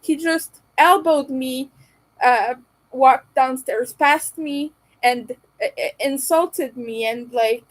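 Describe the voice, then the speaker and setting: A woman from Montreal with a fairly high voice chats casually with her stream audience. She talks in a candid, opinionated way and often laughs between remarks. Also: lively intonation, a little slow, poor audio. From Canada, Montreal. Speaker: livestreamer. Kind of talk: casual chat to a live audience.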